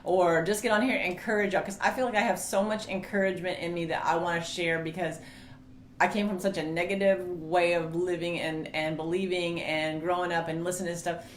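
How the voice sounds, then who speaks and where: A middle-aged woman, chatting casually as co-host of a marriage ministry video and telling stories with lively quoted voices. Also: on the low side, brisk. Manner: chatty storyteller, animated quoting voices. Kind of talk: casual chat. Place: home studio room. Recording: roomy echo, faint hiss.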